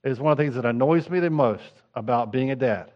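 A middle-aged man preaching a sermon as pastor, talking conversationally and moving between hushed asides and fervent appeals. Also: mid-range voice, fast talker, lo-fi sound.

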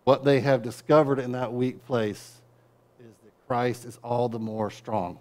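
Pastor with rising, driving sermon peaks. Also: male voice, steady tone, unhurried. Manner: swings from quiet, low asides to loud, driving build-ups; conversational, wry humor.

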